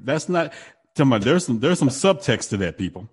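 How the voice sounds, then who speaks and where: A man's voice: on the low side, very animated, brisk, husky. A man in casual conversation who rambles, restarts his sentences and laughs often. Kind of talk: casual podcast chat.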